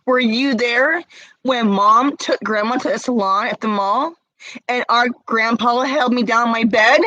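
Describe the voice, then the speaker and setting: A woman's voice: a little high, measured pace, bright, forceful tone, dry recording, dull audio. A woman crying as she talks to camera, confronting someone with repeated pointed questions in an emotional rant. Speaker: vlogger.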